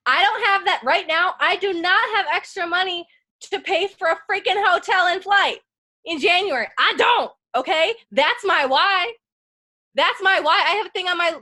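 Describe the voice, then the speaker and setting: A woman co-leading a sales team, giving an intense, animated motivational talk. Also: extremely high pitch.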